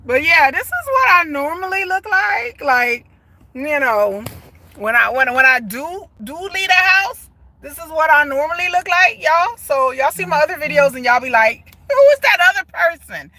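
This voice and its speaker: A woman, chatting casually to her viewers on a phone live stream from inside a parked car, animated and talkative. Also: high voice, a little slow. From Texas. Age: 40s. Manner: chatty, animated, often laughs and says y'all. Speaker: vlogger. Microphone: phone held at arm's length.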